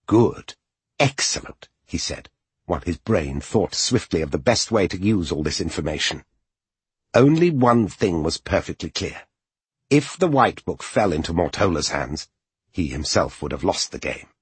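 A man reading an audiobook as its narrator, in expressive, measured storytelling. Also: sits low, husky, no room sound.

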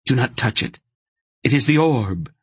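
A man's voice: mid-range voice, lively intonation, measured pace, breathy edge, no echo, voice pushed up. Man voicing a stern commanding sorceress. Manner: sharp, clipped commands.

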